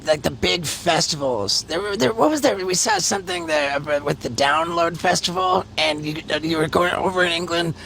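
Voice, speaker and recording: Bright, gravelly man asking questions. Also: a little high, slight background noise. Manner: halting questions with many fillers. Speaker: podcast host. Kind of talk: casual interview chat.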